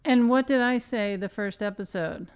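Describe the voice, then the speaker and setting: A woman co-hosts a casual podcast chat, playfully defending her theories as she thinks aloud. Her voice is clear and smooth, at a middle pitch. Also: normal speed. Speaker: podcast co-host.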